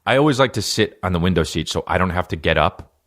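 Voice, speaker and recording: A man in his thirties from New Jersey tells stories on his comedy podcast. His voice sits fairly low and he talks loosely, swearing often. His delivery is laid-back, with plenty of fillers and tangents. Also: expressive, quick pace, a bit bright. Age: 30s. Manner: rambling, profane, laid-back storytelling. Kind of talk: casual comedy monologue.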